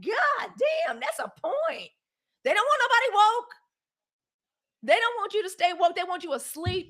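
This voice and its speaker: A woman from Mississippi, hosting a live news stream and talking casually to her viewers. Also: very high voice. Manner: animated, talks to her chat, swings loud and soft. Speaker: host.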